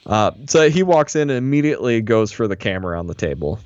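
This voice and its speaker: A man recapping an episode in casual chat, relaxed and laughing often, mildly critical. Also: on the low side, fast, dry recording, lo-fi sound. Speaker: podcast co-host recapping an episode.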